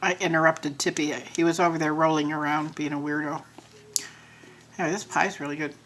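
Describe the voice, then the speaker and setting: A woman chats into her phone at home while she eats, winding loosely through a story and leaning on fillers. Her voice sits a little low for a woman, relaxed and conversational. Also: brisk, a little hiss or hum. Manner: rambling, filler-heavy storytelling. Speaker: mukbang vlogger. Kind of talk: casual chat while eating. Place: at home with pets nearby.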